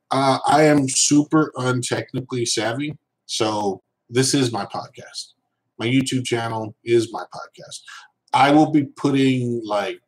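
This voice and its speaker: Man hosting a casual live stream, husky and lowish voice, loose and rambling, jokes with chat. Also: low-quality recording. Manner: rambling, loose, with many fillers and restarts, joking with viewers. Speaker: reseller vlogger.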